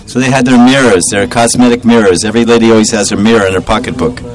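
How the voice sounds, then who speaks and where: A man telling a devotional story in an animated way, chuckling and acting out the characters. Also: on the low side, quick pace, low-quality recording. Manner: animated, chuckling, acts out voices.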